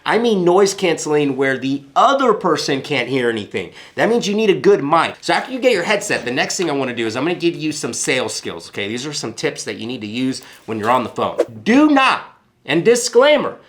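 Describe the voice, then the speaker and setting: A man's voice: a little high, very animated, a little fast, fairly bright tone. A man coaching viewers on sales calls in an emphatic, punchy way, repeating his key points. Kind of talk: coaching talk to camera.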